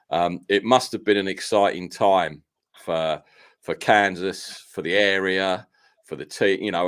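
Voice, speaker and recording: A male host with a very deep, low voice asks a long, searching question. He hesitates and repeats himself as he works toward the point. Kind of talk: interview questions.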